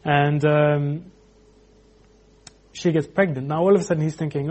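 A man preaching an informal sermon, animated, acting out quotes with frequent restarts. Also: on the high side, measured pace.

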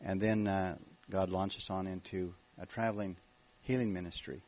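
An American man speaking as a guest minister at a church meeting, telling his story in a relaxed, joking way. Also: sits low, normal speed, rough recording. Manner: jokey, relaxed storytelling with restarts. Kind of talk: church talk, testimony.

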